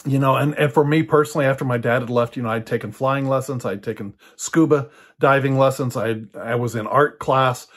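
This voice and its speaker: Older male preacher, casual storytelling delivery, loose and full of fillers. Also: medium pitch. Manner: conversational, storytelling with many fillers and restarts. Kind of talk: personal teaching talk.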